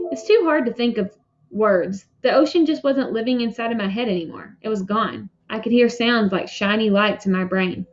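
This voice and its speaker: A woman narrates an audiobook in the first person with expressive storytelling. Her voice sits a little high for a woman. The recording sounds dull and lo-fi.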